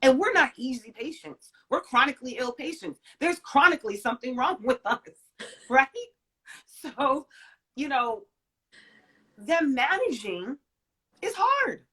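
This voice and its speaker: A woman in her forties tells a story from her own life as a guest in an interview. Her telling is emphatic and expressive, and it moves from loud bursts to soft, hushed asides. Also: high-pitched, measured pace, long pauses, slightly rough.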